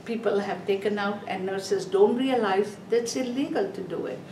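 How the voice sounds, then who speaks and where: A woman's voice: mid-range voice, normal speed, darkish tone. A woman teaching a nursing exam review class, emphatic and repeating her points, with non-native English grammar. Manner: emphatic, repeats "Are we clear?". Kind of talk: classroom lecture. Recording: echoey room, voice from far off, faint background noise.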